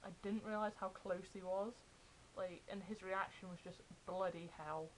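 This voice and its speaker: A young adult woman, excitedly telling fan stories in a casual vlog. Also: mid-range voice, moderate pace, a little hiss or hum, poor audio. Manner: chatty, excited retelling of fan anecdotes. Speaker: vlogger.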